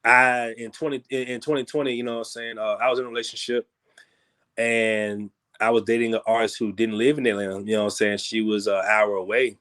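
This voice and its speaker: A man talking as a guest musician in a casual interview, rambling loosely and peppering his talk with "you know what I'm saying", growing animated when he makes a point. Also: a little fast. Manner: grows animated and higher when making a point.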